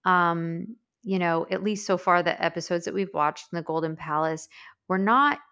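A woman's voice: lowish voice, moderate pace, pushed and bright, clean tone. A woman co-hosting a podcast in casual chat, thoughtful and rambling, with many fillers. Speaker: podcast co-host.

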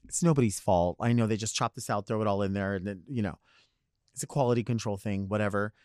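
A man's voice: on the low side, fast talker, darkish tone, clean tone, dry recording, studio quality. A man in drag hosting a talk show, delivering a campy, theatrical comic monologue full of rambling asides. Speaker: podcast host in drag.

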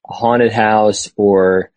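A man's voice: fairly low pitch, steady tone, extremely slow, darkish tone, no room sound. A man on a show's crew, chatting casually. He asks probing questions and stumbles a little as he starts them. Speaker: show crew member. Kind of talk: casual chat.

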